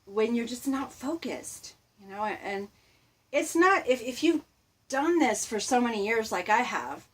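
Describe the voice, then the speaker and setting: A woman hosting a casual motivational talk, chatty and laughing often as she speaks to her viewers. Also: on the high side. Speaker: host.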